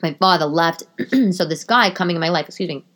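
A woman in her thirties hosts a podcast from her living room and talks in a loose, rambling way. Her voice sits a little low, and she keeps doubling back with restarts and asides. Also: fairly quick, a bit bright. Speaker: podcast host. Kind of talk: casual monologue.

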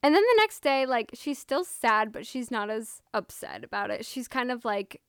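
A woman's voice: fairly high pitch, animated, moderate pace, fairly bright tone, clear, resonant tone. A woman casually gushing about a novel with a friend, using lots of fillers. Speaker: co-host. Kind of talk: casual book discussion.

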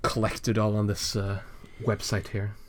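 Rambling man with a low voice. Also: monotone, a little slow. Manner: rambling, hesitant, laughs often. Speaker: co-host reviewing a web comic. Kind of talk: casual chat.

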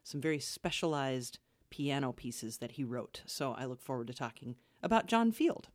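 A woman radio host co-hosting a podcast in casual chat, with a smooth, measured presenter delivery that turns conversational. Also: rumbling low, big pitch swings, dry recording, studio quality.

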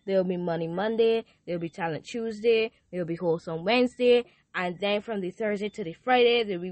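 A young woman hosting a youth podcast, talking in a lively, playful way and leading prayer. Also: mid-range voice, dry recording. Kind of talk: casual podcast chat with prayer.

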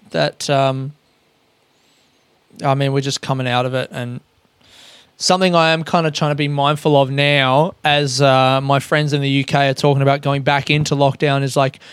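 A man's voice: medium pitch, flat delivery, normal speed, a bit bright, clean tone, dry recording. Sweary, rambling Australian man. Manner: sweary, rambling, self-mocking. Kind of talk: casual solo monologue.

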